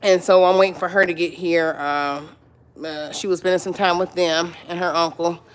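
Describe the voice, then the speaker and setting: A woman's voice: lowish voice, fairly even intonation, moderate pace, a little hiss or hum. A middle-aged woman hosting her own livestream, chatting casually with viewers, greeting them by name and repeating her points. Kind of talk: casual live-stream chat.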